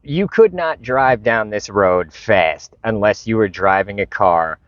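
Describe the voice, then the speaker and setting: Brief: low-voiced man, frustrated and profane casual storyteller, dry muffled lo-fi recording. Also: expressive, measured pace, no echo. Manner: frustrated, profane, retells conversations. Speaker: vlogger. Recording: dull lo-fi recording.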